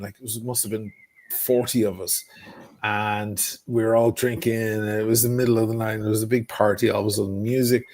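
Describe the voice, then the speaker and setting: A man telling a wild story in casual chat, swearing freely and animated. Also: fairly low pitch. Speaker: guest storyteller.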